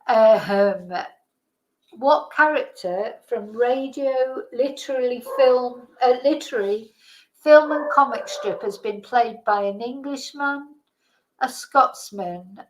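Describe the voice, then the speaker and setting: Woman, quiz host, casual live-stream chat, thinks aloud, unhurried, somewhat high-pitched. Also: low-quality recording. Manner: chatty, laughing, thinking aloud.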